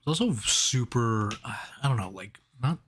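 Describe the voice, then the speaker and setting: A man's voice: mid-range voice, lively intonation, normal speed, a bit bright, a little hiss or hum. A man chatting loosely on a movie review podcast. He laughs a lot and circles back on his sentences as he works his point out. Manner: laughs often, rambling with restarts. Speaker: podcast co-host. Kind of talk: casual movie review chat.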